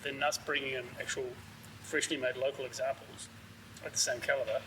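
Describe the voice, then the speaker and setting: A man's voice: medium pitch, flat delivery, a little fast. A middle-aged man, a brewery founder guest chatting casually and swearing as he retells stories. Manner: chatty, swears, quotes others. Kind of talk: casual storytelling chat. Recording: distant mic, noisy background.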